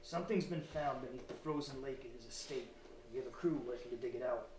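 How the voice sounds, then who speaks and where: A man reading the part of a menacing male henchman with a deep, growly voice, giving curt orders over the phone. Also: fast talker, a little mellow, a little hiss or hum, natural voice. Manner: curt, commanding. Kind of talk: live script reading. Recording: roomy stage sound from far off.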